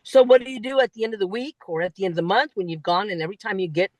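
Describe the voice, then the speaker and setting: A woman giving a lively talk that coaches speakers on winning a speech contest, with emphatic delivery and frequent asides. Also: racing, no room sound, rough recording. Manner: animated, emphatic, swings pitch widely for emphasis.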